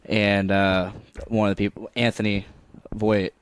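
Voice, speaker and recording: A man's voice: fairly low pitch, little pitch movement, measured pace, clean tone. A man chatting casually on a beer podcast, easygoing, stumbling over his words as he starts a story. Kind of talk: casual chat.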